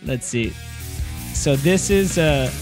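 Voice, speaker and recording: With faint music behind him, a young podcast host speaks slowly in a slightly high voice. His casual storytelling is lively, full of swearing and acted-out quotes.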